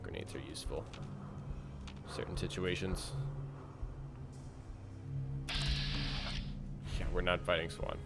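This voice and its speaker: Chatty low-voiced man commentating gameplay. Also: steady tone, takes it slowly, pauses often, heavy background noise. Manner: chatty, self-mocking, thinks aloud. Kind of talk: casual let's-play commentary.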